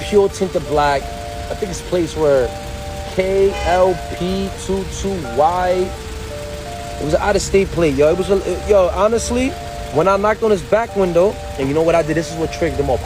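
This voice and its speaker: A man sitting in his car, telling a story in an animated, heated, profane way. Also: fairly high pitch, moderate pace, music in the background, poor audio. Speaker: social media poster. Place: parked car.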